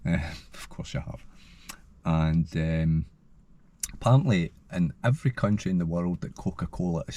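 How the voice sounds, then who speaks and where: A man's voice: low voice, warm tone. A Scottish man from Scotland, talking to camera in a casual, rambling vlog with frequent ums and a passionate streak. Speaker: hillwalking vlogger.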